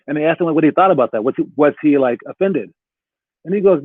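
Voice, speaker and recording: A man in the role of a basketball coach gives casual advice straight to his viewers, his voice sitting a little high. He keeps slipping into short acted-out exchanges between players and coaches. The sound is dry and narrow, like a phone line. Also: breathy edge, dry recording. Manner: conversational, acts out quick quoted exchanges. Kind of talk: casual talking-head advice video.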